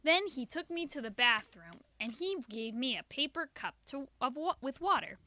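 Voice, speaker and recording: A woman reading a children's book aloud in an expressive, sing-song storytelling manner. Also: sits high, moderate pace, no echo. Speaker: reader.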